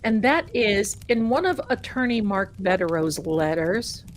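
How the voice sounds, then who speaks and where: A woman with a Boston accent hosting a tarot livestream, talking in a casual, animated and sarcastic way and repeating phrases for emphasis. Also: mid-range voice, a little slow, slight background noise.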